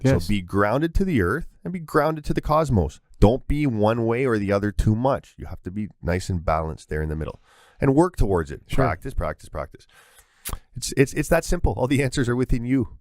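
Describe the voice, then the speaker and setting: A man's voice: mid-range voice, big pitch swings, fairly quick, darkish tone, dry recording, studio quality. A man speaking as a spiritual guide in a casual talk, earnest and instructive, often repeating words.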